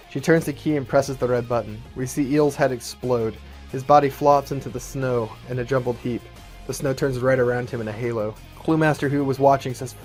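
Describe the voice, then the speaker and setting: Guy narrating his fan-made movie script, steady, faint guitar music behind. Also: mid-range voice, a little fast. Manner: plain, steady storytelling, light commentary. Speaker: YouTuber.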